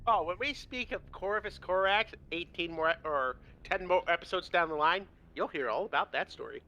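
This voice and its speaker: A man casually retelling fantasy lore to friends, animated and profane, acting out the characters' lines. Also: high voice, moderate pace, lo-fi sound. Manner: animated, profane, acts out quotes. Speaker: lore presenter on a miniature painting show.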